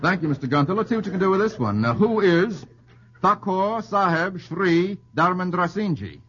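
Hosting a radio quiz show, a man with a high, slightly bright voice and lively intonation trades witty quips, tosses off quick asides and laughs at his own puns. It sounds like a dull old radio broadcast with a faint hiss.

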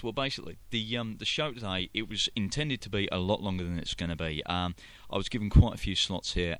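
A man's voice: sits low, a bit bright, a little hiss or hum. A man with a London accent hosting a live internet radio show, rambling through announcements with many fillers and restarts. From London, England. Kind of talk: casual live radio chat.

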